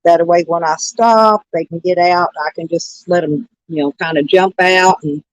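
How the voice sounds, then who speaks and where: A woman's voice: lowish voice, fairly even intonation, moderate pace, no room sound. A woman chatting casually on a live stream, rambling and greeting viewers by name. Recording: dull dry lo-fi sound.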